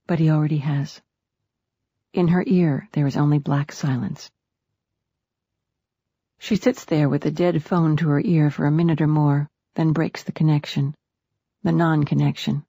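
Gravelly, husky woman narrating a story. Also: low voice, fairly even intonation, warm tone, dry recording, dull audio. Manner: measured, intimate storytelling. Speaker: audiobook narrator. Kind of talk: scripted narration.

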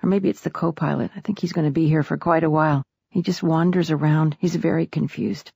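A woman reading the lines of a man calling his wife from beyond death, calm, matter-of-fact and tender. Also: sits low, brisk, vocal fry, breathy edge, no room sound, dull audio, exaggerated voice. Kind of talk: audiobook character voice.

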